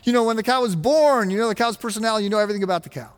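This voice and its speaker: A man's voice: high voice, rapid-fire, clear, resonant tone, voice pushed up, lightly acted. A man putting on an insistent Maasai guide. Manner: emphatic, repeating himself. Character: earnest adult male Maasai guide, insistent. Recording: long hall reverb.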